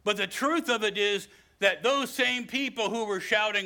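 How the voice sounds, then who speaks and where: Older man, West Virginian accent, pastor's sermon, bright forceful tone, hushed to loud. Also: high voice, moderate pace, few pauses. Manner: swings from hushed storytelling to loud preaching.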